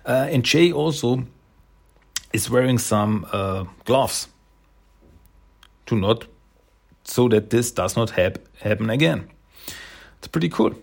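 Gravelly, husky man reviewing a comic. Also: medium pitch, animated, slow, long pauses. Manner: enthusiastic, hesitant with many fillers. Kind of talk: casual comic read-through.

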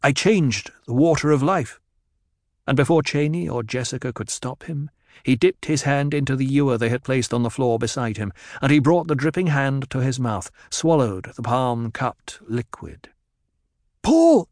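A man reads a novel aloud in a measured, even way, his voice in the middle range for a man. The recording is close and dry, with no room sound. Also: mid-range voice, no echo. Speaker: narrator. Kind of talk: audiobook narration.

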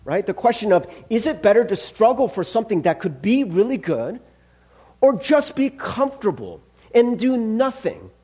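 Lively, husky-voiced man preaching a sermon. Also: high-pitched, moderate pace. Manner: conversational, self-deprecating, asks the congregation questions. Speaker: pastor. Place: church sanctuary.

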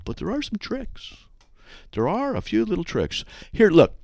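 A man's voice: a little high, no echo, studio quality. A man hosting a radio talk show about studying the Bible, talking emphatically and acting out conversations. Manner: animated, emphatic, acts out dialogues. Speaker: radio host.

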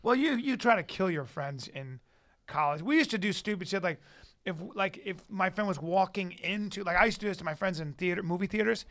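High-ish gravelly guy telling dumb stories, keeps cracking up. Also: brisk. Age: adult. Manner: laughs through his own stories, crude and animated. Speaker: podcast co-host. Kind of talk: casual chat.

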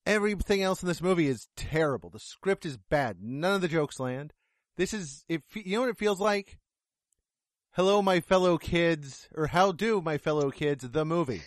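Man, high-pitched voice, casual film chat, blunt and sweary, dry close sound. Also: expressive, moderate pace, no room sound. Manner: blunt, profane, sarcastic. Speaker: film reviewer. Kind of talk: casual movie review chat.

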